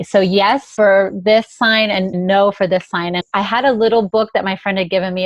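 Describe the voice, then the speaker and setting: A woman's voice: medium pitch, no room sound. A woman guest telling a personal story in a casual, chatty way, often acting out what people said. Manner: chatty anecdotal narration, acting out quoted dialogue. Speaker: podcast guest.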